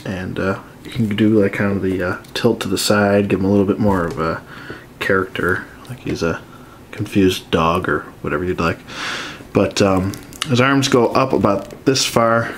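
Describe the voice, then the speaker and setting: A man's voice: deep voice, steady tone, moderate pace, a little hiss or hum. A stuffed-up man reviewing an action figure in an easygoing, conversational way. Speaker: toy collector reviewer. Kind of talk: casual toy review.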